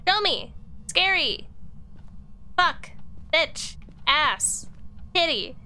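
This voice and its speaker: A woman's voice: high-pitched, big pitch swings, extremely slow, pushed and bright. A woman streamer commentating on a ghost-hunting game, taunting and cursing as she calls out to the ghost. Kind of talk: casual gameplay commentary.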